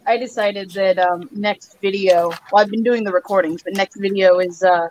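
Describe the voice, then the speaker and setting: A woman's voice: mid-range voice, fairly even intonation, moderate pace, darkish tone, a little hiss or hum, rough recording. Rambling woman writer on a call. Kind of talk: casual chat on a video call.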